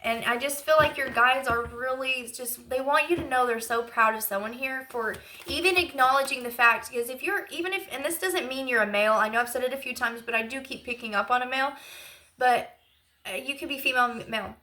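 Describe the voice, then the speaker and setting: A woman's voice: high voice, brisk, pushed and bright. A woman giving a casual channeled tarot reading, chatty and emotional, rambling with lots of fillers. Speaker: intuitive tarot reader.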